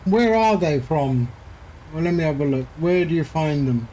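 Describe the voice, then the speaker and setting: A man's voice: fairly high pitch, lively intonation, moderate pace, warm tone, a little hiss or hum. A man streaming a flight simulator, chatting casually and rambling with jokey asides to his viewers. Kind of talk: casual chat while flying a sim.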